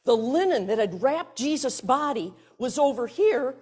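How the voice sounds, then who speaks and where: A woman pastor tells a Bible story slowly and expressively during a sermon, now and then dropping to a hushed near-whisper. Her voice is slightly high, with a soft, breathy, husky texture. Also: very animated.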